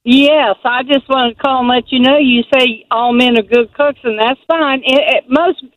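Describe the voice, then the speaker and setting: A woman's voice: high voice, steady tone, moderate pace, dry recording, lo-fi sound. An older woman calling a radio show, chatty and poking fun at her own cooking. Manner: self-mocking, chatty. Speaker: caller. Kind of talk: phone-in chat.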